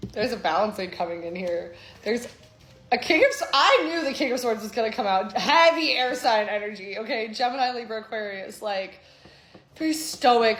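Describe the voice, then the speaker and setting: A woman's voice: medium pitch, fairly bright tone. A woman giving an intuitive tarot reading, with a flowing, reflective delivery that often checks in with "okay?". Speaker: tarot reader. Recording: echoey room, faint background hum.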